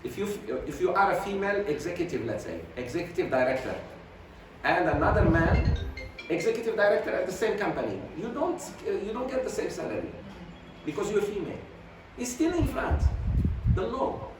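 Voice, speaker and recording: A man delivering a fiery religious class, firing off rhetorical questions and dropping Arabic phrases. His raised voice swings widely in pitch. It is heard from a distance in a heavily echoing space with steady background noise. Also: a little fast, music in the background. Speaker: sheikh teaching Quran commentary. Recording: very echoey, distant mic, noisy.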